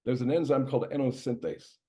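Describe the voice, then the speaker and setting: A man's voice: mid-range voice, lively intonation, fast talker, dark tone. A man, a doctor, giving a casual health presentation in a conversational way, with many fillers and restarts. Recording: dull lo-fi recording.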